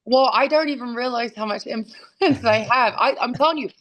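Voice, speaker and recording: A woman's voice: on the high side, normal speed, a bit bright. Chatty woman on a video call. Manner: candid, chatty, many fillers and restarts. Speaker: guest. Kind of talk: casual interview chat.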